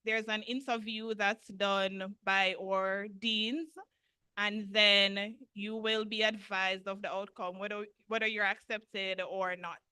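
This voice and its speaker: Bright, clear woman explaining procedures. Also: mid-range voice, takes it slowly, no echo. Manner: informative, steady, with frequent "um". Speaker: university representative. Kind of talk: answering callers' questions.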